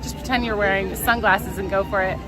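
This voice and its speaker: A woman's voice: medium pitch, fairly even intonation, a little fast, rough recording. A woman streaming live from a theme park, holding back tears and talking herself through her nerves with nervous laughs, on a handheld phone. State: tearful, holding back emotion. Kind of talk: casual live-stream chat. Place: outdoors in a crowded theme park. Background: crowd chatter and park music.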